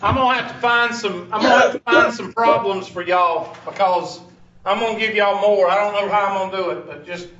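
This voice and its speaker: High-voiced Southern man teaching math. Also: fairly quick, noisy background. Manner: teasing, folksy, heavy on "y'all". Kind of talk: joking classroom lecture. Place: classroom. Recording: echoey classroom, distant, dull lo-fi.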